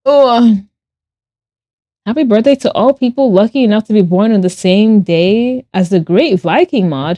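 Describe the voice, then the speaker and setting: Mellow-voiced woman chatting on a stream. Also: fairly high pitch, dry recording, clean studio sound. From Nigeria and Ireland. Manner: animated and quick to laugh, with blunt swearing. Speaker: streamer and artist. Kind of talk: casual livestream chat, reading chat aloud while drawing.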